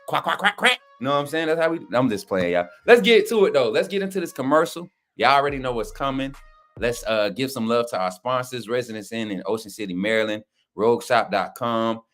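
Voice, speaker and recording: A man rattles off shout-outs to his live chat, excited and slangy. His voice leaps up and down in pitch as he gets louder. Soft music plays faintly behind him. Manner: hyped, slangy, calls out chat names. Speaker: co-host. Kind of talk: casual livestream shout-outs.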